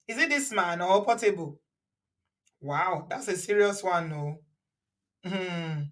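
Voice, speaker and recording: A woman's voice: fairly low pitch, expressive, slow pace, a bit bright, distant mic. Chatty Nigerian woman, a bit off-mic. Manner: chatty, laughs often, mixes in Yoruba words. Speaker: host reacting to a video. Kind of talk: casual reaction chat.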